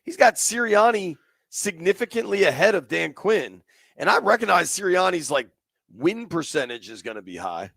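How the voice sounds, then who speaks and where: A laid-back man from Washington, D.C., chats his way through a sports radio show and leans on fillers as he talks. His voice sits a little high, and the studio sound is dry. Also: big pitch swings, normal speed, creaky, a bit bright, dry recording. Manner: easygoing, rambling with fillers and restarts. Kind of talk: casual sports talk on a livestream.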